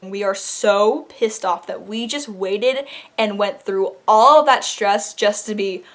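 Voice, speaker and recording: A young adult woman talks straight to camera in a casual story-time vlog. Her pitch sits in a middle range for a woman. She is chatty and loose, with frequent fillers and a laugh slipping in here and there. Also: takes it slowly. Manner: chatty, laughs while telling, many fillers. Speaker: vlogger.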